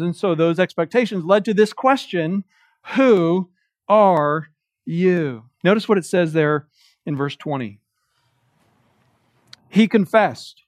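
A man with a notably high voice preaching verse by verse through a passage. He leans hard on quoted lines, slowing to stress each word. The sound is close and dry, with little room around it. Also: dry recording. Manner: emphatic preaching with slow, stressed quotations of scripture. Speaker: pastor. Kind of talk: expository sermon. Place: church.

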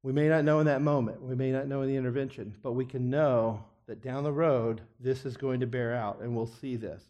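A middle-aged man teaching a biblical counseling class in an earnest, deliberate way, often letting his voice fall quiet at the ends of phrases. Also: mid-range voice, steady tone, dull audio. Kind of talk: classroom lecture.

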